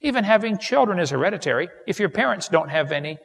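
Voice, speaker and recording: A man delivers a seminar lecture in a gravelly, slightly raised voice, telling folksy stories that land on punchlines. His words ring with the long reverb of a large hall, as in a live seminar recording. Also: sits high, expressive, fast talker, background noise. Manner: folksy, joking storyteller who builds to punchlines. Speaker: creationist seminar speaker.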